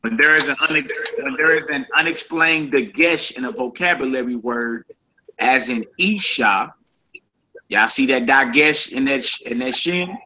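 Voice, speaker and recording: A man teaching a casual Hebrew vocabulary lesson, saying each word slowly and repeating it, with relaxed slang asides to his listeners. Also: medium pitch. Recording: dull lo-fi sound.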